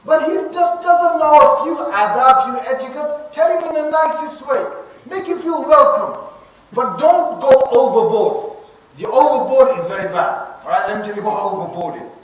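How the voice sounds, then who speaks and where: A man preaching to youth in a mosque, animated and repetitive, speaking straight to the crowd. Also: extremely high pitch, normal speed. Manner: animated, repetitive, addresses the audience directly. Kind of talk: live mosque talk. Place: mosque prayer hall, indoors. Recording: echoey hall, distant mic, faint hiss.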